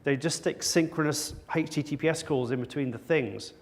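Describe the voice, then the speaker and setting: A man's voice: a little high, normal speed. A man giving a conference talk to an audience, wry and joking at his own expense. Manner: wry, with self-mocking jokes. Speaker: conference speaker. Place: conference stage before an audience.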